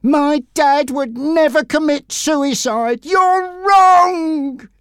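A man voicing a distressed teenage boy in a read-aloud story, shouting in high distress. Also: sing-song, slow, clear, resonant tone, dry recording, clean studio sound, full character voice. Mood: distraught. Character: upset teenage boy, young brother.

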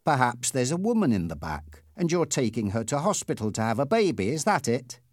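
A man reading the part of a big, red-faced motorcycle policeman who taunts softly and sarcastically, then turns stern and severe. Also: mid-range voice, sing-song, fairly quick, no echo, studio quality. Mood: sarcastic. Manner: soft sarcastic taunting that bursts into loud shouting. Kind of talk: audiobook character reading.

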